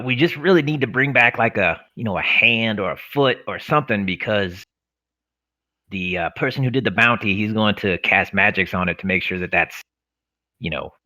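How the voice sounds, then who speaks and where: A man's voice: on the low side, moderate pace, bright, forceful tone. A man playing a tabletop game in character, cocky and chatty, swearing casually. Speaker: player. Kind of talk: in-character tabletop role-play.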